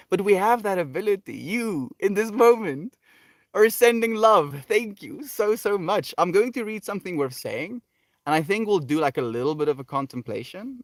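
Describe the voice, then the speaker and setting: A man with a somewhat high voice who talks slowly and reflectively on a livestream, drifting between thoughts with many fillers. The sound is dry and close, with almost no room around it. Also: animated, no echo. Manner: soft, meandering, with many fillers and restarts. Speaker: livestream host. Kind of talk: reflective spiritual livestream talk.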